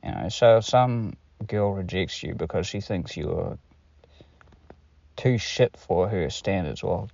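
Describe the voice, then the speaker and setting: A man's voice: low-pitched, takes it slowly, creaky, darkish tone, dry recording, dull audio. A man talking casually to camera in a rambling monologue, swearing freely and using many fillers. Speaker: vlogger.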